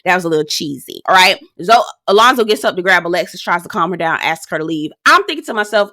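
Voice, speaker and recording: Sassy, bright-voiced woman recapping reality TV. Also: on the low side, fast, hardly any pauses, no echo, studio quality. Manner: sassy, animated, laughing asides and put-on quotes. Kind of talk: casual recap commentary.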